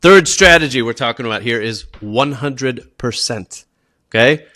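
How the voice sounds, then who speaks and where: A man who teaches PE, presenting classroom tips in an animated, emphatic way and often checking in with "okay?". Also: medium pitch, unhurried, no room sound, clean studio sound. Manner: animated, acts out students and teachers.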